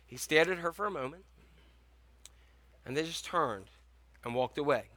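Chatty preacher with a bright high voice. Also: male voice, normal speed. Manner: conversational, asks the congregation questions, tells anecdotes. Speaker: pastor. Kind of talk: sermon.

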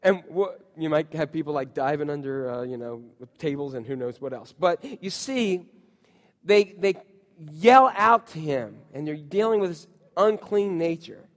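A man preaching a sermon in a church, animated and calling out to the congregation. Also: a little high, normal speed. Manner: animated, calls out to the congregation, acts out shouts. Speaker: pastor. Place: church sanctuary. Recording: long hall reverb.

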